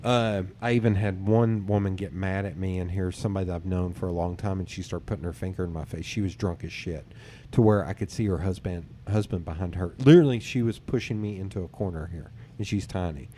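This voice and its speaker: A man with a lowish, warm, mellow voice hosts a casual podcast chat. He tells his own dating stories in a loose, animated way and slips into other people's voices to quote them. His speech is relaxed and peppered with casual swearing. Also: brisk, slight background noise. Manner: animated storyteller who acts out others' lines, swears casually. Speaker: podcast host.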